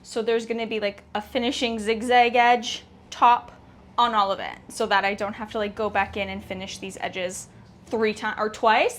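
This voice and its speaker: A woman's voice: on the high side, slight background noise. A young Canadian woman chatting casually to her viewers while she sews at home, talking herself through each step. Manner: chatty, self-talking while working, quick exclamations. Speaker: sewing vlogger. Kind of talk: casual sew-along chat.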